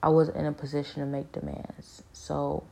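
A woman shares a personal spiritual experience as a casual testimony, speaking earnestly at normal speed in a low, flat, gravelly voice with a dark, mellow tone. She stops and restarts sentences and leans on fillers as she thinks aloud.

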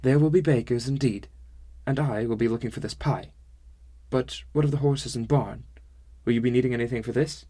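A man's voice: fairly low pitch, normal speed, vocal fry, few pauses, darkish tone. A man voicing a polite young woman with an odd accent and formal, stilted phrasing. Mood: courteous.

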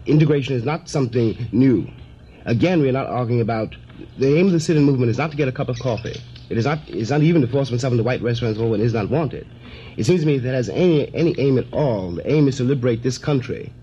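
A man speaking as a guest in a televised debate, thoughtful and measured, with a few pauses. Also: medium pitch, expressive, dark tone. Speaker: panel guest. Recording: dull lo-fi archival broadcast with faint hiss.

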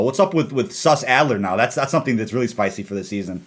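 A young man hosting a casual gaming podcast on a call, arguing his points in a rapid, animated way. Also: medium pitch. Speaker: podcast host.

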